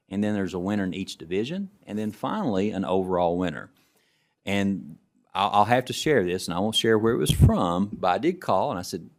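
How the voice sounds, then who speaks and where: A middle-aged man who is a state education commissioner, giving relaxed presentation remarks to a student council and often restarting his sentences. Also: deep voice. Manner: relaxed storytelling, frequent restarts.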